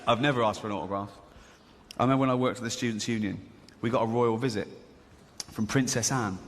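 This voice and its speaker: An English man doing a stand-up comedy set, swinging into high squeaky exclamations and quick impressions. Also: fairly even intonation. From England. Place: large theatre stage before a laughing audience. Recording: live hall recording with audience noise.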